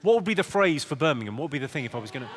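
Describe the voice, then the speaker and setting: A male stand-up comedian working the crowd in a live venue with brisk deadpan one-liners. His voice sits high and swings widely. Loud noise runs under the whole set.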